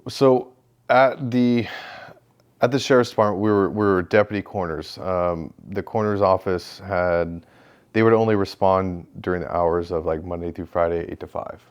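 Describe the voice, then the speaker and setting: A man with a very low voice talks as a podcast guest about his work as a sheriff's deputy. He speaks hesitantly, pausing on frequent "um"s, in a quiet, reflective way. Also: steady tone, smooth. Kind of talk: casual podcast conversation.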